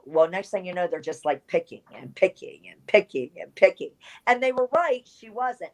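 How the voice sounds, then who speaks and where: A woman, a former pro wrestler, telling candid stories in an interview, animated and blunt, with salty language. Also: lowish voice, moderate pace.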